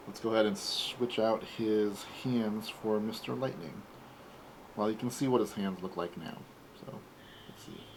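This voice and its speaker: A man in his forties with a low, gravelly voice walks through a toy set in an easygoing, rambling way. The recording carries a steady noise behind him. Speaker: toy collector host. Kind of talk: casual unboxing walkthrough.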